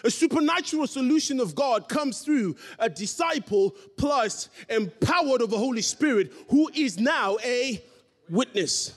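A man's voice: very high voice, expressive, measured pace. A man preaching a sermon, telling a story and acting out the dialogue with emphatic delivery. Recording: long hall reverb.

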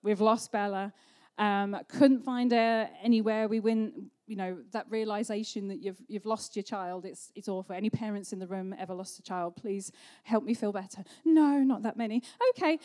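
A woman's voice: mid-range voice, normal speed, hardly any pauses, warm tone. Chatty woman preaching. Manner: chatty storytelling with frequent ums. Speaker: pastor. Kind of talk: sermon.

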